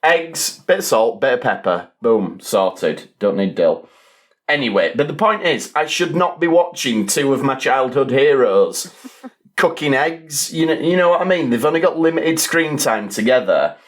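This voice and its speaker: A man's voice: medium pitch, big pitch swings, moderate pace. Chatty man on a podcast. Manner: chatty, rambling, dry asides. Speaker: podcast roundtable host. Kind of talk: casual podcast chat.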